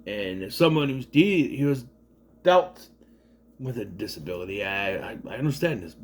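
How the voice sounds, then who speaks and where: A man casually retelling and reviewing a movie in a rambling, animated way with lots of fillers. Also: fairly low pitch, normal speed. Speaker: video reviewer.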